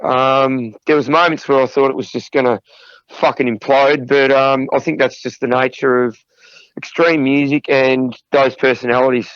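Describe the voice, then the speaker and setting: A man's voice: medium pitch, flat delivery, moderate pace, fairly bright tone, clean tone, dry recording, dull audio. A middle-aged man, a podcast guest telling profane road anecdotes between bursts of laughter. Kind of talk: casual storytelling interview.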